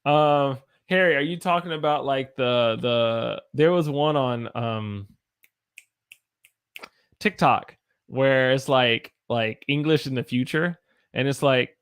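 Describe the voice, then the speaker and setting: A man's voice: mid-range voice, slow, clear, resonant tone, no room sound. American man teaching English pronunciation. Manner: relaxed, chatty, demonstrates words by repeating them. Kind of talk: casual livestream pronunciation lesson.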